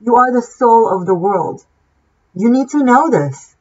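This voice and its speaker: A woman's voice: fairly high pitch, lively intonation, measured pace. A woman tarot reader giving an impassioned, preachy monologue, swearing freely and restarting her sentences often. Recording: dull lo-fi sound.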